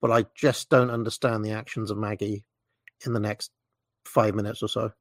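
Puzzled man with a gravelly voice. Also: fairly low pitch, level tone, normal speed, slight background noise. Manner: puzzled, hesitant, many restarts. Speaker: reaction video commentator. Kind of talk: casual commentary.

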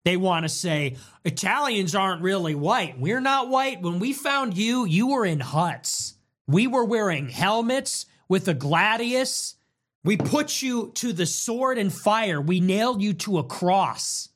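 A young man hosting a livestream, riffing casually in a mocking, animated way with lots of rapid repetition. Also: high voice. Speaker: livestream host.

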